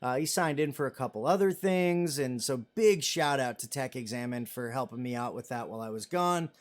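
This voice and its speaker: Speaking briskly in a mid-range voice, a man in his thirties runs a live stream. He wanders from topic to topic as he reads out viewer comments, poking fun at himself with a joking, self-deprecating manner.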